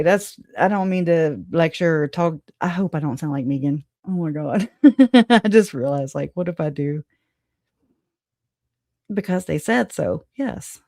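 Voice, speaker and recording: Lady ranting on a true crime show, kinda low voice, dry close mic, swears a lot. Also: dark tone, no echo. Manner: emotional, blunt, profane, rambling with restarts. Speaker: true crime commentary host. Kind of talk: heated reaction commentary.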